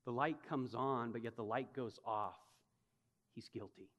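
A man preaching a sermon as pastor, telling stories dramatically with slow, emphatic phrases. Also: mid-range voice, fairly even intonation, a bit bright, highs cut off. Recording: long reverb of a large hall.

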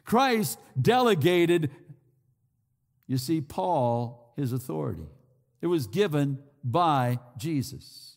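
A man's voice: on the high side, very animated. A man preaching a sermon, earnest and pleading, repeating himself as he builds his points. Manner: slow, earnest, pleading with many repetitions. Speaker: pastor. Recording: long hall reverb.

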